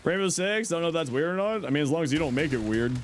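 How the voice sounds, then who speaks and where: A man's voice: on the high side, expressive, fast, slight background noise. A middle-aged man chatting casually on his livestream, answering chat in a playful, teasing way and laughing often.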